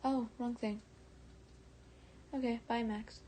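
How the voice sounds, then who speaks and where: A woman streamer reading fan fiction aloud on a live stream, often soft and breathy, stumbling and correcting herself and chatting with viewers in between. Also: a little high, fairly even intonation, takes it slowly, a little hiss or hum.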